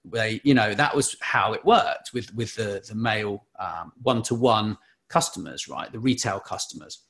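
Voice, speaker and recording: Telling an anecdote in a casual business conversation he's hosting, a man speaks with animation, often restarting and repeating words. His creaky voice is on the low side, and his pace is measured.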